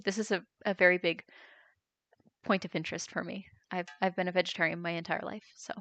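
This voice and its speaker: A woman's voice: lowish voice, flat delivery, fairly quick, gravelly, fairly bright tone, dry recording. Chatty young woman streamer. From United States. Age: young adult. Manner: chatty, reads chat aloud and reacts with laughs. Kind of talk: casual live-stream chat.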